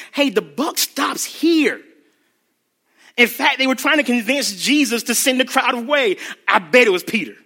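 A man preaching a sermon as a youth ministry speaker, animated and playful, acting out scenes and laughing as he talks. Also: very high-pitched. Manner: animated, acts out bits, laughs.

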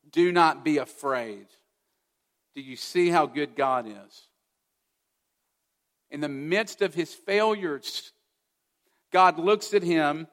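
A man's voice: fairly high pitch, fairly bright tone, long reverb tail. A man preaching a sermon as a pastor, earnest and often putting direct questions to his listeners.

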